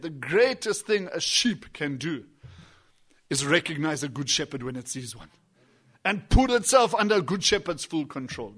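A man preaching a sermon emphatically, with repeated phrases and swings between loud and hushed delivery. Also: on the high side, husky.

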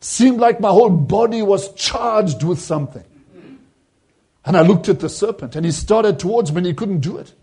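Husky high-voiced man preaching. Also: lively intonation, normal speed, warm tone. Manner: quotes voices in the story with rising emphasis. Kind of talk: sermon retelling a vision.

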